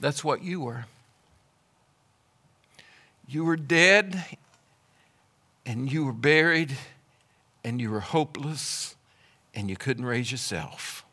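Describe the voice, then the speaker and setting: Bright-voiced man preaching a sermon. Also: mid-range voice, lively intonation, takes it slowly, pauses often. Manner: emphatic, rhythmic repetition, rising to loud declarations. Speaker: pastor.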